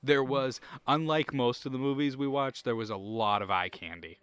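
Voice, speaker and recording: A man's voice: mid-range voice, normal speed, fairly bright tone, clear, resonant tone, dry recording, clean studio sound. A man co-hosting a casual movie review podcast, retelling scenes animatedly with acted-out quotes and swearing. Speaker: podcast co-host.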